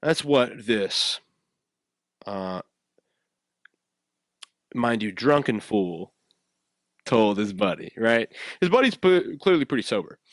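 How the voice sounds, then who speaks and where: A man's voice: mid-range voice, slow, pauses often, dry recording. Young guy podcast host telling a story, laughs a lot, voice bouncing all over, dry close sound. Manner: animated, laughs often, repeats words while telling a story. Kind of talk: casual storytelling monologue.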